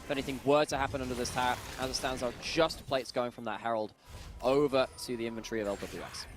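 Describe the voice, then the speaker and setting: A man's voice: medium pitch, fairly even intonation, fast, soft background music. A man casting a live esports match, doing play-by-play with playful, jokey asides. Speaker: esports caster.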